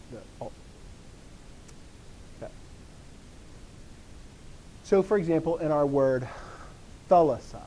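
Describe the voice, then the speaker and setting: A man with a fairly high, warm voice gives a classroom language lesson. Full of keen chatter, he interrupts himself and asks questions he answers on his own.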